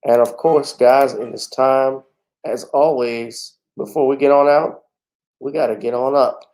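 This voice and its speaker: A man's voice: medium pitch, steady tone, measured pace, a little mellow, low-quality recording. A man hosting a casual livestream talk show, chatting in a laid-back way with frequent fillers.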